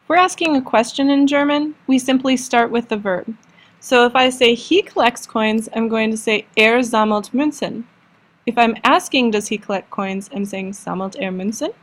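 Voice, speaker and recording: A woman teacher giving a recorded lesson, patiently explaining and slowing down for example sentences. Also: a little high. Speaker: language teacher.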